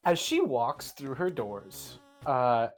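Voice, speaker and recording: A man narrates a tabletop game as game master in a casual, profane way. His pitch moves around a lot. Faint music plays behind him. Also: expressive, slow pace.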